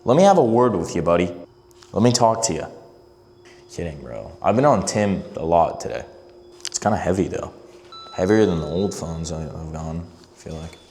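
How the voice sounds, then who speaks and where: A man's voice: low-pitched, animated, moderate pace, a little mellow, breathy edge. A young man vlogging in casual, rambling talk, joking around and swearing a lot as he drives and shops. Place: in a car, then in a shop and at home.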